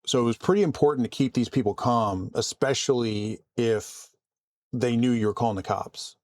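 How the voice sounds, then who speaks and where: A man vlogging casually about his work, calm and conversational with frequent restarts. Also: medium pitch, moderate pace, no echo. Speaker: vlogger and IT support worker. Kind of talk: casual storytelling to camera.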